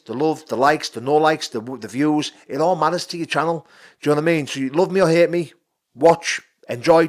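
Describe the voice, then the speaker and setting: Blunt, sweary North East man in his thirties. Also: a little high. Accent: Geordie. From North East England. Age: 30s. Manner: blunt and sweary, swings between quiet and emphatic. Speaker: podcast guest, fighter. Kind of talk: casual podcast chat.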